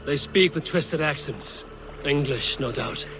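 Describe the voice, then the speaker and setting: An actor playing a watchful, cool-headed Viking raider who speaks tersely and warily, with game music behind. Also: male voice, on the high side, a little slow, background noise, lightly acted. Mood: observant. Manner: terse, wary.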